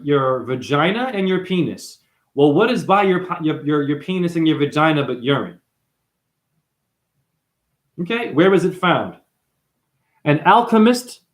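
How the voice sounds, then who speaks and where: A man ranting on a livestream to his chat, profane and impassioned, jumping from one wordplay to the next. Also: a little high. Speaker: livestream host. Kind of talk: rambling livestream rant to chat.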